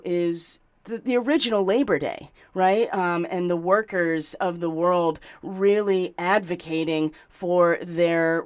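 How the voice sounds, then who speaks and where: A woman hosting her spiritual astrology channel, talking casually and earnestly, explaining at length with fillers. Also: lowish voice. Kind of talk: casual spoken monologue.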